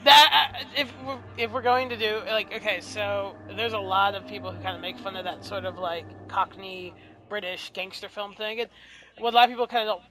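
A man's voice: high-pitched, fairly even intonation, brisk, pushed and bright, low-quality recording. A man co-hosting a podcast, rambling in casual chat with many hedges. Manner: rambling, hedging with fillers.

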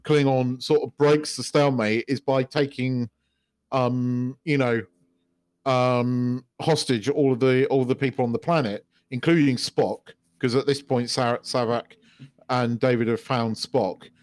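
A man's voice: medium pitch, fairly even intonation, a little slow, a little mellow, no echo, clean studio sound. A man co-hosting a podcast, chatting casually about films, swearing freely and acting out quoted lines. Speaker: podcast co-host. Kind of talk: casual film discussion.

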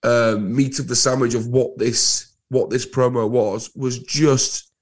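A man co-hosting a podcast, his voice husky from a head cold, talking in an enthusiastic, emphatic way. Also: medium pitch, steady tone, unhurried. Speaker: podcast co-host. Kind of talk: casual podcast chat.

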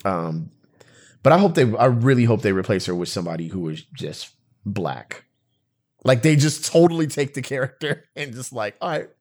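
A man co-hosting a casual chat, talking in animated bursts with quick asides. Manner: animated, jumps between high and low pitch, fast asides.

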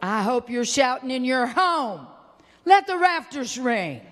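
A woman delivers a fervent sermon in a high voice, bursting into shouts of praise and playfully voicing her listeners' objections. Her voice carries a long reverb, as if filling a large church hall. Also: big pitch swings, a little slow. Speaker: preacher.

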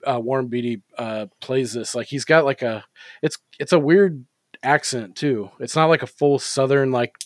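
A man's voice: mid-range voice, normal speed, dry recording. A man co-hosting a podcast in casual chat. He rambles, swears freely and uses many fillers. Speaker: podcast co-host.

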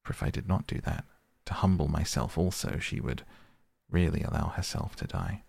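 A man voicing a small, polite, wistful boy prince in an audiobook reading, earnest and soft. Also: low-pitched, moderate pace, creaky, breathy edge, no room sound, studio quality, exaggerated voice. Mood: sad.

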